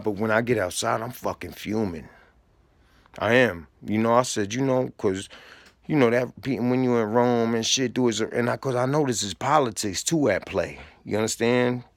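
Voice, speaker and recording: Man, gravelly, profane street storytelling, dry recording. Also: medium pitch, moderate pace, no echo. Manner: profane, streetwise, acts out quoted exchanges. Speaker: storyteller recounting prison time. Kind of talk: casual storytelling.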